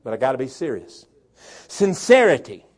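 A man preaching a sermon as pastor, dropping to quiet talk and rising to shouted preaching. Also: medium pitch, big pitch swings, moderate pace. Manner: swings from soft talk to shouted preaching, imitates a chainsaw.

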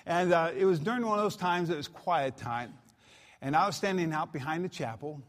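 A man's voice: fairly high pitch, brisk, in a large hall. A man preaching a sermon as a guest preacher, reading scripture and telling homespun stories in a conversational, folksy way. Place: church auditorium.

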